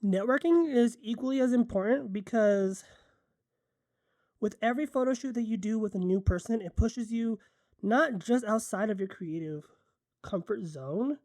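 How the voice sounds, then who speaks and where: A woman photographer and content creator chats casually in a vlog, sipping coffee as she talks. She rambles enthusiastically and often corrects herself mid-sentence, in a mellow, medium-pitched voice. The sound is studio quality with no room noise.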